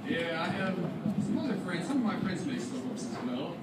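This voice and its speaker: Animated teen boy doing stand-up. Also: a little high, a little fast, very noisy. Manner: animated storytelling, acts out friends' lines. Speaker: student comedian. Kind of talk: stand-up comedy. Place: school auditorium with live audience. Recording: echoey hall, distant, loud crowd laughter.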